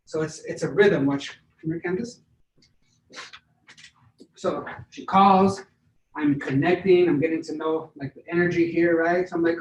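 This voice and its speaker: An energetic man with a high voice runs a hands-on sales training, checking in with his listeners as he goes. He sits well back from the mic, so his voice rings around a roomy space. Faint background noise sits under the talk. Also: unhurried, long pauses. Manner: energetic, demonstrative, keeps checking in with "right?". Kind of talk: interactive training session. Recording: roomy, echoey sound from far off the mic.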